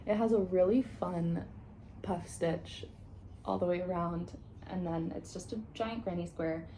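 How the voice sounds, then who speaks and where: Slow, mellow-voiced woman with a groggy morning voice. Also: lowish voice, slight background noise. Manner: chatty and self-aware, addresses viewers directly. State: groggy morning voice, just woke up. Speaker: crafting vlogger. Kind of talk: casual vlog chat.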